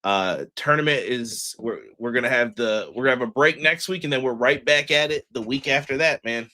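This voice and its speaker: A man's voice: mid-range voice, fairly quick, sharp tone. Slangy laid-back man reviewing wrestling. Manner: loose and slangy, filler-heavy, laughs often. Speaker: wrestling podcast co-host. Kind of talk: casual show review chat.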